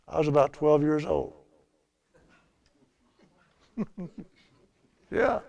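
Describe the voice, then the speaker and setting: A man's voice: fairly high pitch, lively intonation, extremely slow, vocal fry, a little mellow, lo-fi sound. An older man teaching a Bible lesson in a chatty storytelling way, laughing at his own tales.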